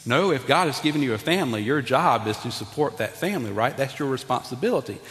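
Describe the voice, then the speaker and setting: Male pastor, lively preaching style, voice carries with a long hall reverb. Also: medium pitch, fast. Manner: animated, talks to congregation, acts out Bible figures. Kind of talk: sermon. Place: church sanctuary.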